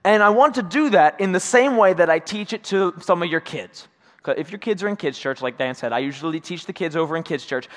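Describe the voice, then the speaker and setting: A pastor's sermon fills a church sanctuary with a big-room sound; his voice sits high with a fairly bright tone. He talks to listeners conversationally, acts out quotes, and checks in frequently with "right?".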